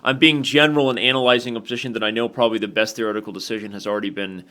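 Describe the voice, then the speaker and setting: A man's voice: medium pitch, steady tone, racing, fairly bright tone. A man hosting an online chess game, thinking aloud through his moves in a casual, analytical way and talking straight to the viewers.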